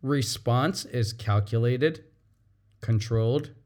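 A man's voice: mid-range voice, slow, darkish tone. A man, a teacher and parent, giving a reflective talk, explaining patiently and repeating his key points.

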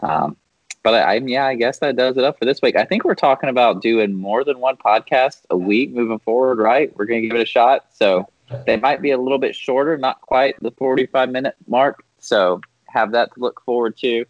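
A man's voice: medium pitch, brisk, no room sound. A man hosts a casual podcast and spins a rambling story for his friends. His voice sounds dry, close and a little dull, with no room around it. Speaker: podcast host.

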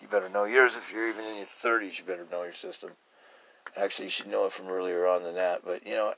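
A man in his fifties telling a story as a podcast host, casual and excitable, swearing and laughing often. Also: fairly low pitch, fast, gravelly, dry recording. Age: 50s.

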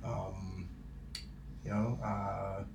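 A man's voice: sits low, very slow, creaky, slight background noise. Joking middle-aged man, roomy sound. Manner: joking, storytelling, animated. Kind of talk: casual chat. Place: room in Montreal.

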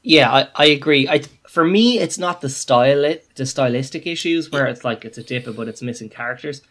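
A man's voice: mid-range voice, brisk, fairly bright tone. A man, co-hosting a podcast and talking animatedly, acting out his own reactions. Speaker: podcast co-host. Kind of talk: casual chat.

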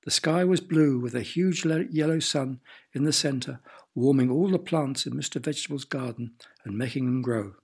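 A man narrating a children's story in a gentle, playful way, sometimes asking the listener questions. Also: medium pitch, normal speed, slightly rough.

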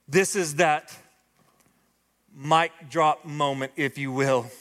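A man's voice: on the high side, fairly even intonation, slow, long pauses, fairly bright tone. A man preaching a sermon as pastor, impassioned and building to urgent, emphatic appeals to his congregation. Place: church sanctuary. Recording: long hall reverb from church sanctuary.

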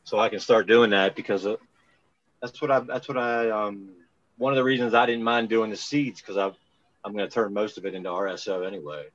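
A man from Maryland in casual podcast chat, rambling and halting with frequent restarts. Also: on the low side, fairly even intonation. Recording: muffled lo-fi sound.

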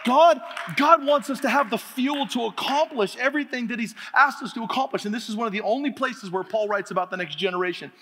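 A man's voice: sits high, brisk. A male pastor preaching a sermon, telling stories with humor and laughter and building to emphatic, rising points. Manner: animated, humorous storytelling with laughter. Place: church sanctuary. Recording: reverberant hall with faint music.

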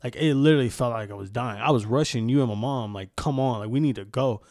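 A man's voice: mid-range voice, fast talker, darkish tone, no echo. Young guy, swears a lot, rambles, dry close mic, mid voice. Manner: candid, profane, rambling. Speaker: podcast host. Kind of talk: casual storytelling chat.

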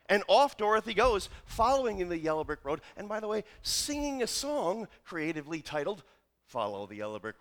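A man's voice: fairly high pitch, a bit bright. A male pastor preaching a sermon, retelling a familiar film story with wry humorous asides.

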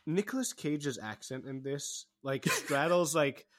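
A man's voice: fairly high pitch, expressive, measured pace. A man co-hosting a podcast, chatting about a movie in an emphatic, exasperated way and laughing often. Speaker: podcast co-host. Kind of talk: casual movie-review chat.

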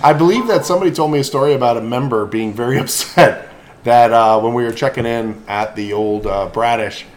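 A man's voice: medium pitch, fairly quick. A man hosting a casual chat, telling rambling stories and laughing often. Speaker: podcast host.

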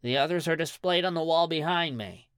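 A man voicing a small male goblin who runs a bar, speaking in a low, matter-of-fact way. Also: brisk, clean tone, no echo, studio quality, close to an everyday voice. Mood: polite. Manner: low, quiet and plain-spoken.

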